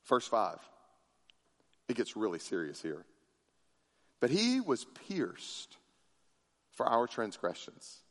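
A man preaching a sermon as pastor, with impassioned delivery that swings between loud, high emphasis and low, quiet lines. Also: wildly swooping pitch, slow, long pauses. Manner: impassioned preaching with big swings in pitch and loudness. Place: large church sanctuary. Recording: long hall reverb from a church.

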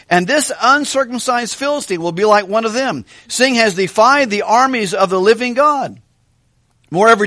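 A man preaching a Bible study sermon with animated, questioning delivery in a church hall. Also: high voice, clean studio sound. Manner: animated, asks questions of the congregation. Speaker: pastor.

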